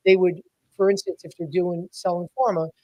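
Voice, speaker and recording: A man's voice: high voice, normal speed, highs cut off. A man hosting a live podcast as a sales coach, talking energetically and directly to his listeners, often repeating or correcting himself mid-sentence. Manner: energetic, direct, keeps addressing listeners as guys. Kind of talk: live podcast, motivational talk.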